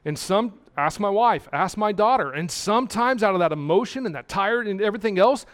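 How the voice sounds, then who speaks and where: A man preaching a sermon as a pastor. He repeats key words and swings between quiet asides and loud, emphatic lines. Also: high voice, expressive, brisk.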